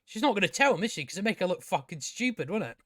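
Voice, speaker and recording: A man with a slightly high voice rants in a sarcastic, exasperated way, swearing freely and slipping into mocking impressions. The sound is dry and close, with no room around it. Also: very animated, racing, fairly bright tone, dry recording. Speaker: show reviewer. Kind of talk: casual profane rant.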